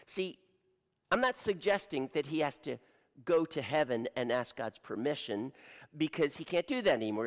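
Animated male preacher, dramatic sermon delivery, lively pitch, long church-hall reverb. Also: gravelly. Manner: animated, rhetorical questions, acting out scenes.

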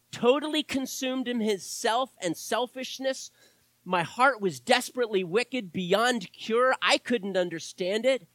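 A male pastor preaches an impassioned sermon in a high-sitting voice, swinging from loud declarations to hushed asides and calling out to his congregation. The recording is dry and rough.

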